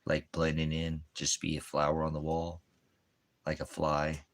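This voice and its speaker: Very deep and monotone, the man talks at a measured pace. He's hosting a home ministry stream beside a dog and a fire, wandering through a relaxed monologue of puns and rhyming wordplay.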